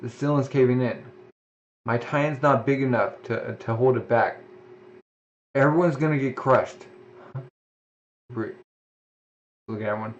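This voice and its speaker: A man's voice: medium pitch, measured pace, long pauses, dull audio, a little hiss or hum, close to an everyday voice. A man reading the lines of a despairing, self-blaming young man in a manga reading, close to his own voice.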